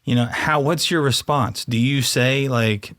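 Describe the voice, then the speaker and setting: A man's voice: medium pitch, unhurried, fairly bright tone, no room sound, studio quality. A man, a father of boys, talking in a casual podcast discussion in a reflective, thinking-aloud way.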